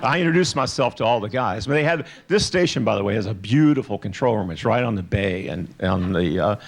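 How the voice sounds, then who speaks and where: A man's voice: on the low side, animated, fast talker, creaky. A man in his sixties giving a candid, joking keynote speech at a conference. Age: 60s. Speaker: keynote speaker.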